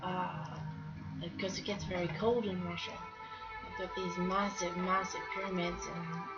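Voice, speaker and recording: A woman's voice: fairly low pitch, little pitch movement, a little slow. A woman artist commentating casually while she draws, rambling with fillers, restarts and frequent laughs. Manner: chatty, laughs often, many fillers and restarts. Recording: dull lo-fi sound with music behind. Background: music.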